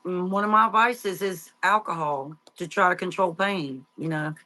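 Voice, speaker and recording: A middle-aged woman, an interview guest, telling her life story in a halting, tearful way with many fillers and restarts. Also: fairly low pitch, sharp tone. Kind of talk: emotional personal storytelling.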